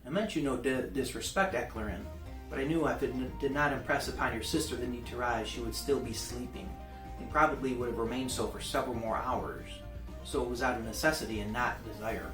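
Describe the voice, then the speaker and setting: Man doing a gentle, firm mother. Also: medium pitch, steady tone, a little fast, echoey room, distant mic, over music, close to an everyday voice, poor audio. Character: calm, affectionate, serious mother.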